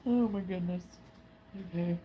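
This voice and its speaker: A woman hosting a crafting livestream, chatting casually and in a halting way as she replies to viewer comments. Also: fairly low pitch, muffled recording, slight background noise. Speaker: livestream host. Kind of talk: casual chat while crocheting.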